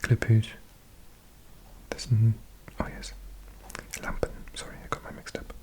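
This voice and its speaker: A man hosting his channel in a whispered ASMR style, musing to himself and repeating practice words aloud. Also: moderate pace. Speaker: channel host.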